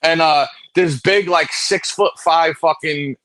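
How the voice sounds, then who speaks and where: A man, telling a profane story fast in casual late-night chat and acting out the people in it. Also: on the high side, a bit bright, slight background noise. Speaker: host.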